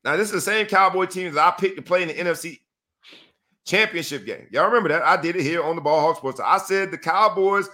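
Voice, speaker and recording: Sports show host guy, animated, bright voice, keeps repeating lines for emphasis. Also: high voice, fairly quick. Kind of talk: casual sports talk.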